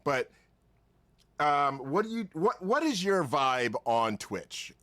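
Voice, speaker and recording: A man's voice: on the high side, big pitch swings, slow, fairly bright tone, dry recording. A man hosting a casual podcast, rambling with lots of restarts and laughing often. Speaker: podcast host.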